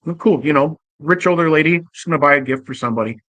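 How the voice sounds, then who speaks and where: A man's voice: on the high side, fast, sharp tone, dry recording. A man hosting a show, telling stories from his cab-driving years in a loose, profane, casual way. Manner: loose, profane, conversational with frequent restarts. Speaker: podcast host, former cab driver. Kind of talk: casual storytelling monologue. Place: Portland area.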